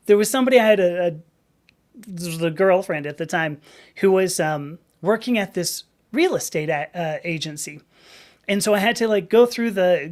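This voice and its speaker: A woman's voice: lowish voice, a little mellow. A middle-aged woman from the American South hosting a casual live stream, rambling, laughing at herself and reading out viewers' chat. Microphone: webcam.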